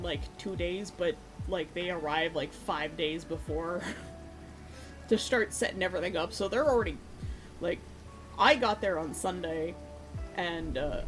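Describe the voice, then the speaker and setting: A woman streamer telling a story in a casual way while she paints, laughing often and acting out the voices of the people in it. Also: on the low side. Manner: animated, laughing, acts out quoted voices. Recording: lo-fi music playing underneath. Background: lo-fi music.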